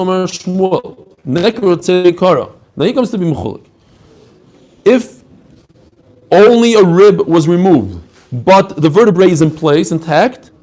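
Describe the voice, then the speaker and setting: A man teaching a lively Talmud class, mixing in Hebrew and Aramaic terms and acting out the rabbis' answers. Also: a little high. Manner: animated, mixes Hebrew and Aramaic terms, acts out quoted answers.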